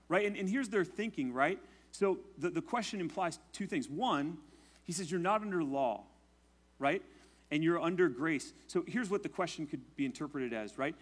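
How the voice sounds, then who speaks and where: Guy pastor preaching, kinda high-pitched, chatty, keeps saying right?. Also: lively intonation, moderate pace, long pauses, breathy edge. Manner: conversational preaching, often adding "right?"; prays in a low, hushed voice. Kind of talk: sermon.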